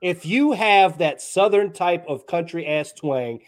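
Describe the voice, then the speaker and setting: A man's voice: fairly high pitch, a little slow. A man co-hosting a podcast, arguing his point in a profane, casual debate. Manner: profane, argumentative, animated. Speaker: podcast co-host.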